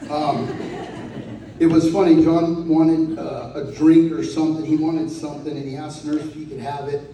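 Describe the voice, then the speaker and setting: A man's voice: on the high side, warm tone, slight background noise. A man giving a rambling, laughing eulogy of stories, swearing now and then. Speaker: eulogy speaker. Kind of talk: casual storytelling eulogy. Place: large echoey room from afar. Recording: echoey hall, distant mic.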